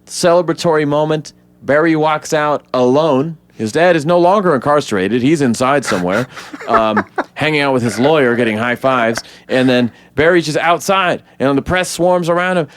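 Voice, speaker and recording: A man co-hosting a podcast, casually retelling a movie scene by scene and jumping into high voices to act out the characters. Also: normal speed, no echo. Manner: animated storyteller, acts out characters in high voices. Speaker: podcast co-host. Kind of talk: casual film recap chat.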